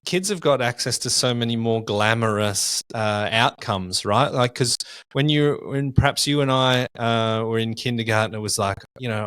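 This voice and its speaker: A man's voice: mid-range voice, moderate pace, a bit bright, clear, resonant tone, dry recording. A man hosting a podcast, asking long, conversational questions with plenty of restarts. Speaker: podcast host. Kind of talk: casual interview chat.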